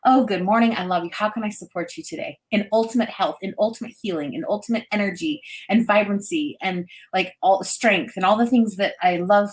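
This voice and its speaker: A middle-aged woman hosting a live stream, chatting warmly and giving intuitive readings to viewers. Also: mid-range voice. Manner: bubbly, chatty, reads viewer comments aloud, laughs often. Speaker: intuitive reader and host.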